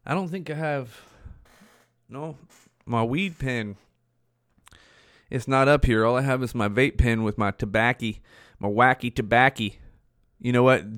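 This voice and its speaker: A man's voice: medium pitch, a bit bright, no room sound, studio quality. A man in his forties casually telling rambling, profane stories as a podcast host. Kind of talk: casual storytelling.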